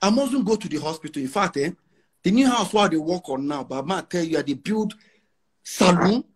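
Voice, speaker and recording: A husky, high-voiced Igbo man from Nigeria, around forty, with a Nigerian Pidgin English accent and lively intonation at a fairly quick pace. He's a musician guest in a laid-back interview, brash and emphatic, saying lines again for effect.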